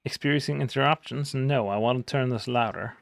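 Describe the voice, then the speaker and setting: A man's voice: medium pitch, a little fast, vocal fry, dry recording, faint music behind. A man from Germany with a German accent, chatting casually on a live stream, rambling and hesitant, with casual swearing. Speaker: livestreamer.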